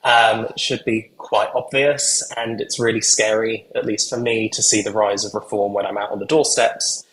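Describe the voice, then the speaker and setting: A man asking a question at a formal meeting over a video call, speaking hesitantly with many pauses and ums. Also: lowish voice, level tone, fairly bright tone, echoey room, slight background noise, low-quality recording.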